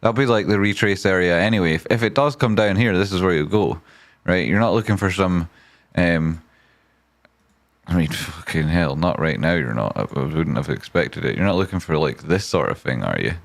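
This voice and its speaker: A man hosting a live trading stream, reading viewer messages aloud with excitable swearing and silly wordplay. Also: low-pitched, normal speed, vocal fry. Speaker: trading livestream host.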